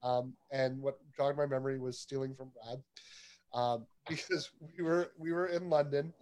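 A man's voice: mid-range voice, moderate pace. A man hosting a casual panel chat, telling stories with a lot of laughter. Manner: lively, storytelling, laughs often. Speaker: podcast host.

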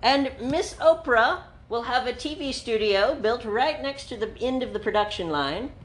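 Brief: woman podcast host, slightly high voice, playful and rambling, comedy banter. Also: animated, normal speed.

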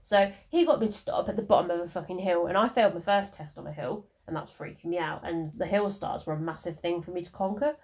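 A young woman tells her own story on her podcast, rambling and frank, with plenty of swearing. Her voice sits a little low for a woman, and she talks casually. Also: fast, few pauses, darkish tone. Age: early 20s. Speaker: podcast host.

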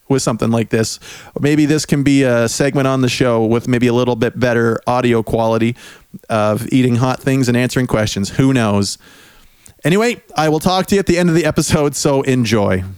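A man's voice: mid-range voice, moderate pace, clean tone, dry recording, clean studio sound. A man hosting a show, talking casually and directly to his listeners. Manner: relaxed, chatty, addressing listeners. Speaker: podcast host. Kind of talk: casual intro monologue.

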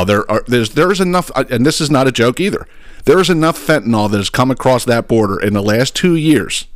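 A podcast host with a medium-pitched voice delivers a profane political rant, angry and sarcastic and swearing often. The recording is dry, with clean studio sound.

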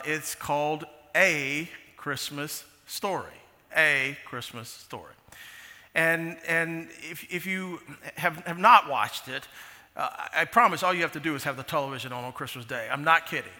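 A man's voice: fairly high pitch, pushed and bright, in a large hall. A man preaching a sermon as pastor, conversational and full of restarts and fillers, in a large church sanctuary.

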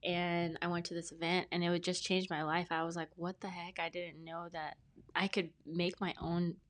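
A woman's voice: fairly low pitch, level tone, moderate pace, a bit bright. A woman in her thirties, a podcast guest telling her story in a talkative, rambling, earnest way. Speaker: podcast guest, brand specialist. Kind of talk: casual interview storytelling.

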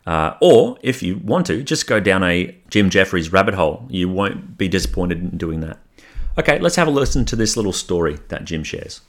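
A man hosting his own podcast, introducing clips in a relaxed, conversational way with frequent ums. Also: sits low, normal speed. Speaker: podcast host. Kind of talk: casual podcast narration.

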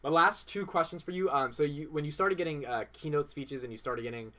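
A man's voice: on the high side, fairly quick, bright, forceful tone. Male podcast host asking questions. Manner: conversational, short affirmations. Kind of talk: interview questions.

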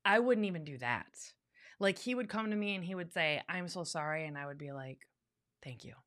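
A woman's voice: on the low side, expressive, fairly quick, fairly bright tone. A woman co-hosting a podcast, talking candidly and earnestly, repeating words for emphasis. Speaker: podcast co-host. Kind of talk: casual chat.

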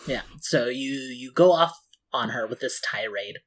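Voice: medium pitch, lively intonation, moderate pace. A game master narrating a tabletop game, playful and often laughing.

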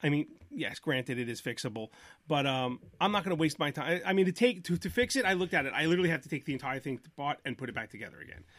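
A man's voice: on the high side, big pitch swings, fast talker, a bit bright, no room sound. A man hosting a podcast, telling a long story in casual chat and acting out both sides of phone calls. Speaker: podcast host.

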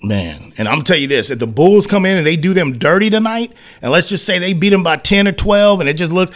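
A man on sports talk radio, voice sitting a touch high, who rants hot and loose with slang. He rambles from point to point and keeps slipping into mock voices of other people. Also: animated, fast talker. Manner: heated, rambling, slangy rants full of acted asides.

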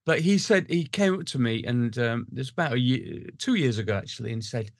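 A man's voice: medium pitch, expressive, a little fast, no room sound, clean studio sound. A man hosting a casual interview, chatting in a friendly way and chiming in with short agreements. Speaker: podcast host.

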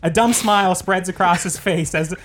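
A man's voice: high voice, moderate pace, fairly bright tone, slight background noise. A man hosting a casual podcast, reading a comic script aloud with mock drama. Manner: playful, reads with mock drama. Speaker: podcast host. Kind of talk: casual chat and scripted narration.

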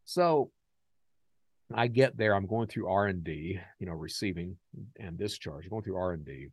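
An American man hosting a podcast, talking casually and candidly with many fillers, growing animated in his stories. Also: deep voice, moderate pace, breathy edge, no room sound, studio quality. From United States. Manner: animated when telling stories. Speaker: podcast host.

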